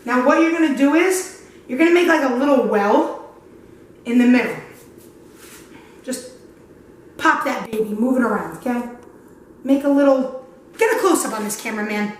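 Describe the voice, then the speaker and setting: A woman's voice: sits high, moderate pace, long pauses, slight background noise. A young woman hosting a comedic cooking tutorial in a home kitchen, goofy, crude and rambling. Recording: echoey kitchen, mic at a distance.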